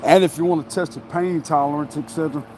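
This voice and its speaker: A man's voice: fairly high pitch, steady tone, fast talker, darkish tone, slight background noise. Rambling man streaming live outdoors. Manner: loose, rambling, laughs often, says "you know what I'm saying". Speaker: tarot reader streaming live. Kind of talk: casual live-stream chat. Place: outdoors near a tree and traffic.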